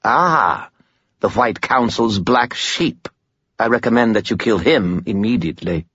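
A man's voice: fairly low pitch, animated, a little slow, fairly bright tone, breathy edge, no room sound, dull audio, pitched above the performer's own voice, exaggerated voice. A man voicing a cold, contemptuous male spirit bound in a skull, speaking in an empty, scornful way. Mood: cold contempt.

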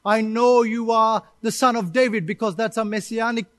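A desperate woman on her knees, humble and hushed, pleading for her miracle, as a male preacher puts her on. The voice sits high and bone-dry, close to the mic. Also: fairly even intonation, moderate pace, no room sound. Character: desperate pleading foreign woman kneeling in worship.

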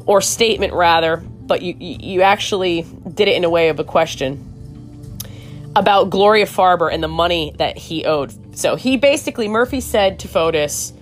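A woman's voice: lowish voice, moderate pace, faint music behind. A woman hosting a true crime podcast, giving outspoken, rambling commentary with swearing and many restarts. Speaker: podcast host.

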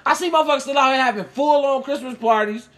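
A woman's voice: high-pitched, fast, fairly bright tone. A woman, co-hosting a casual chat with blunt, joking, profane banter.

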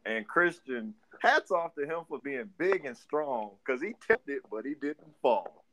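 Animated Detroit man telling stories. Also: mid-range voice, a little slow, noisy background. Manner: animated storyteller, laughs often, acts out quotes. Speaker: podcast co-host. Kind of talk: casual storytelling chat.

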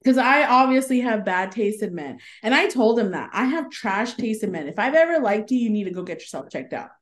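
A woman's voice: a little high, lively intonation, a little fast. A woman in her thirties co-hosting a podcast, telling stories in casual chat and acting out the quoted lines with laughs and swearing. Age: 30s. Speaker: podcast co-host.

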